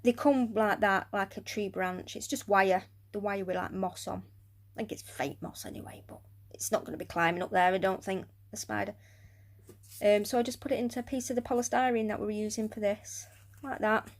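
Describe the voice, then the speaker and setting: A chatty woman talks through a fiddly craft build in a loose, rambling way. She keeps drifting off mid-sentence into quiet muttering and near-whispers while her hands are busy, then comes back up to normal talk. Her pitch sits in a middle range for a woman. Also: steady tone, fairly quick. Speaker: hobbyist building a tarantula enclosure. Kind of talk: casual crafting vlog narration.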